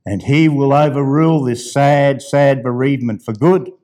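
A middle-aged man preaching a sermon in a medium-pitched voice. He drops low and quiet for gentle asides, then climbs to loud, emphatic declarations. At times he reads a letter aloud. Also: fairly even intonation, moderate pace. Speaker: pastor.

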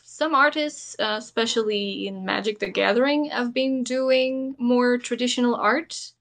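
A woman's voice: fairly high pitch, measured pace, gravelly, fairly bright tone. A woman from Portugal, an artist guest on a podcast, answering modestly and thoughtfully. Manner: modest, laughs easily, thoughtful. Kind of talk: casual interview answers.

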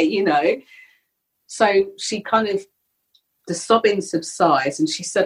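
Low husky woman telling a story. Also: unhurried, poor audio. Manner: candid, reflective, animated when retelling. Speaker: guest. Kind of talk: personal storytelling in a podcast interview.

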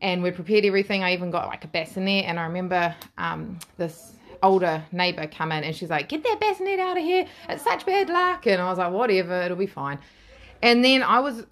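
NZ woman, thirties, interview guest; blunt, giggly, low-pitched. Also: fairly bright tone. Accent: New Zealand. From New Zealand. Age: 30s. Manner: frank and laughing, swears freely. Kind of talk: candid storytelling.

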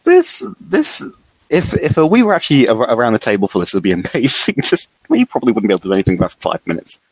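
Male player, husky, animated and jokey, dry mic. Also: mid-range voice, fast, no room sound, poor audio. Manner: joking, laughing, stumbles over words. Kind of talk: casual tabletop game chat.

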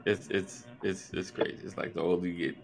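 A man's voice: low-pitched, level tone, fairly quick, creaky, background noise. A man co-hosting a podcast, steering the talk with questions and laughing often. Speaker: podcast co-host. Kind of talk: casual chat.

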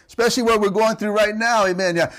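A man's voice: sits high, fairly even intonation, fast, fairly bright tone. A man pastor preaching a sermon for an online service, calling repeatedly for amens and urging his listeners on. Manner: calls for audience response, repetitive and exhorting. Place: church service streamed online.

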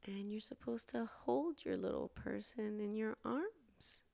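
A young woman hosting her own podcast, talking earnestly and casually, with sudden high emphatic bursts. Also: measured pace, creaky, warm tone. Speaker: podcast host. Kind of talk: casual solo podcast talk.

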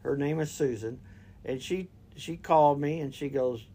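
A man's voice: fairly high pitch, moderate pace, mellow, husky. A middle-aged man telling a neighborhood story in casual chat, with lots of fillers and trailing phrases. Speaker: co-host.

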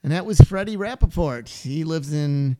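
A man's voice: fairly high pitch, expressive, moderate pace, background noise. A middle-aged man hosting a casual podcast chat, easygoing and rambling, with lots of fillers. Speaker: podcast host.

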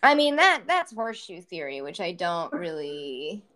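A woman's voice: on the low side, sing-song, normal speed, bright, forceful tone. A woman co-hosting a casual podcast, talking loosely with lots of swearing and eager plugs. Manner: loose, profane, enthusiastic plugging. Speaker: podcast co-host.

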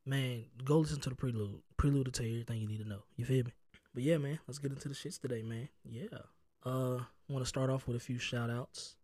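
Joking, profane Southern podcast host. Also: male voice, mid-range voice, steady tone, quick pace, warm tone, no room sound. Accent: Southern US (North Carolina). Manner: loose, profane, joking street slang. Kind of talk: casual chat. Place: home.

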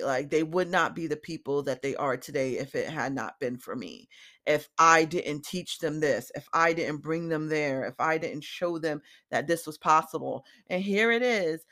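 A woman in her forties hosting a podcast, talking through a personal reflection with emotion, sometimes choked up, with many pauses and restarts. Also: deep voice, fairly bright tone. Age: 40s. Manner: unhurried, with many fillers and restarts. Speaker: podcast host.

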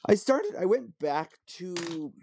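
A man co-hosting a podcast, giving relaxed, opinionated takes in casual chat with small restarts. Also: high voice, slow, creaky, a little hiss or hum. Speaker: podcast co-host.

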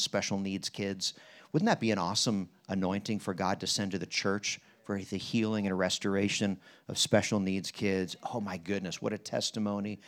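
A man from Pennsylvania preaches at a conference, his voice sitting fairly low. He tells stories in an animated, folksy way, suddenly going quiet and then loud again. He then asks the listeners questions and leads them in prayer. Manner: animated, jumps between quiet and loud in retelling, folksy asides. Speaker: guest preacher. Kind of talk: conference sermon with storytelling.

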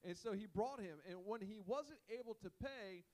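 A man's voice: high voice, normal speed, darkish tone, poor audio. A man preaching a sermon in a loose, conversational way, full of fillers and asides. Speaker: pastor.

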